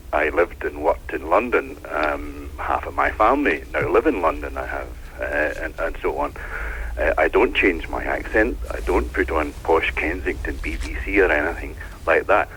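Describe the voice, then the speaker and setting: A man with a Scottish accent calling into a radio phone-in, halting and stammering before pressing his point firmly. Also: very deep voice, fairly bright tone, a little hiss or hum, poor audio. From Lanarkshire, Scotland. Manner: hesitant, stammering, then emphatic. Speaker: phone-in caller. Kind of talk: phone-in discussion. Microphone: telephone line.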